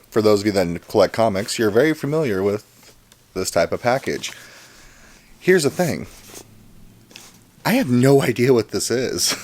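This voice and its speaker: Chatty low-voiced man unboxing comics. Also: a little mellow. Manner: chatty, rambling, enthusiastic. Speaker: comic collector and channel host. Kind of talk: casual unboxing vlog.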